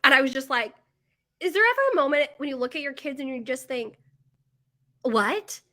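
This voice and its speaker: High bright chatty woman. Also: fast talker. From United States. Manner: chatty and animated, full of fillers and tangents. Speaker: bakery owner. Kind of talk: casual chat to camera.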